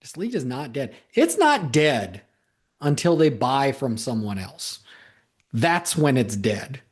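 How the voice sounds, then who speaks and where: A man's voice: medium pitch, sing-song, slow pace, husky. A man coaching salespeople in a solo talk, emphatic and repeating key points for stress, with the odd joking aside.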